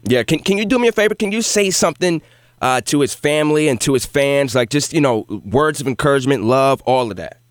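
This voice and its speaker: A man hosting a call-in show, speaking haltingly and often repeating his words. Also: mid-range voice, animated, dry recording, clean studio sound. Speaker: radio show host.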